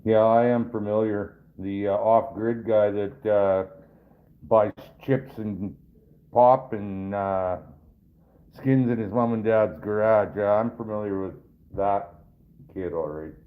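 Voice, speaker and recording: Over tinny, phone-like audio, a man with a lowish, steady voice talks slowly to viewers on his casual trapper live stream. His chat wanders, folksy and full of jokes.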